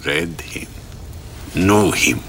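An actor playing an ancient, weary male vampire with a gravelly, whispery voice and slow, disdainful delivery. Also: on the low side, wildly swooping pitch, a bit bright, slight background noise, full character voice. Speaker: film character in a clip. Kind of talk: film drama acting.

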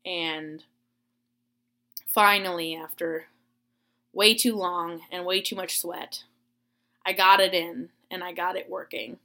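A woman's voice: on the low side, fairly even intonation, slow pace, long pauses, bright, forceful tone. A woman in her twenties from Florida, a teacher, telling a rambling personal story in a casual vlog. She is chatty and self-deprecating, with plenty of "uh" and "um".

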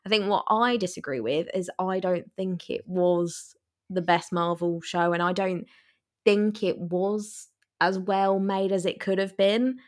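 A woman's voice: lowish voice, fairly even intonation, a little slow. A young woman, co-hosting a casual chat, telling stories animatedly and giving blunt opinions. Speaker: podcast co-host.

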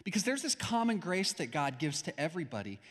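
A young man delivers a sermon in an easy, conversational way, dropping into stories as he goes. His voice sits a little high for a man. A long hall reverb trails behind every phrase. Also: very animated, fast. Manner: conversational preaching with anecdotes and acted-out quotes. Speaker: pastor.

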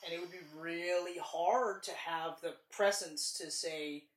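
A man co-hosting a casual movie podcast, rambling and animated, swearing freely as he talks. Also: fairly high pitch, unhurried. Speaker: podcast co-host. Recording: roomy, distant from the mic.

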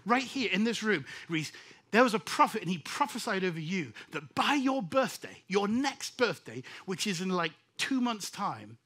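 Brief: male preacher, bright husky voice, impassioned sermon delivery. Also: high-pitched. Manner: impassioned, prophetic, addresses listeners by name.

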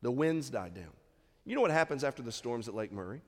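A man's voice: medium pitch, lively intonation, brisk. A man preaching a sermon as pastor, conversational, full of rhetorical questions to the congregation. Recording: long hall reverb.

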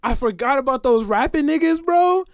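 A young man co-hosting a podcast, telling stories in a lively, slangy way and acting out the sounds and voices in them. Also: very high voice, normal speed, no room sound, clean studio sound. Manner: animated, slangy storyteller who acts out voices and sounds. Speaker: podcast co-host. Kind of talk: casual storytelling chat.

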